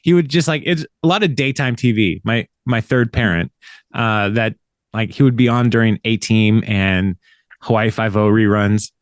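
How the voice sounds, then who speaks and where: A man hosts a podcast, giving a casual and meandering recap of an episode while laughing frequently and playing out what the characters say. He speaks at a normal speed in a lowish voice. The studio sound is clean and free of echo.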